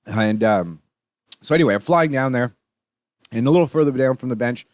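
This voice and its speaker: A man's voice: mid-range voice, a little fast, dry recording. Profane rambling Canadian man, dry mic. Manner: profane, rambling, animated when retelling. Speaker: podcast host. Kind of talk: casual storytelling monologue.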